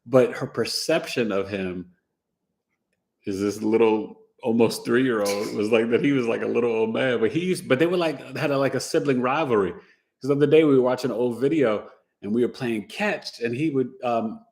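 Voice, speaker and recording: A man at middle pitch hosts a relaxed podcast chat. He tells family stories in an animated, laughing way and acts out the action with sound effects like "whap." His delivery is casual and conversational. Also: normal speed. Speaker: podcast host and astrologer.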